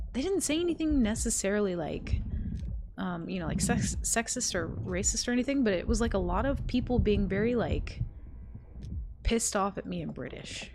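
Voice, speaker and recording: A young woman streamer in casual live-stream chat, rambling, swearing freely and getting animated as she talks. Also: mid-range voice, noisy background.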